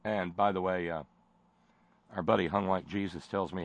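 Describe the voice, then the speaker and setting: Gravelly, sardonic male talk host. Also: low-pitched, fairly even intonation, normal speed, long pauses, dry recording. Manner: sardonic and rambling. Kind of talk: political commentary talk show.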